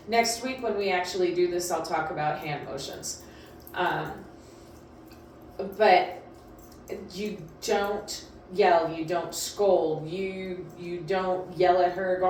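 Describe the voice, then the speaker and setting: A woman's voice: fairly low pitch, takes it slowly, darkish tone, a little hiss or hum. A woman dog trainer giving casual, emphatic instructions in a chatty, repetitive way. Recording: very echoey room, distant mic.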